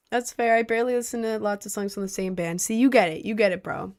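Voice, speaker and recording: A woman's voice: mid-range voice, quick pace, few pauses, darkish tone. Young woman streamer, casual chat, rambling and self-mocking.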